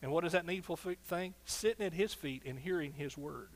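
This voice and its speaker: Animated preaching pastor, fairly high voice. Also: male voice, a little fast. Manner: animated, swings between soft asides and loud exclaiming. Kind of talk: sermon.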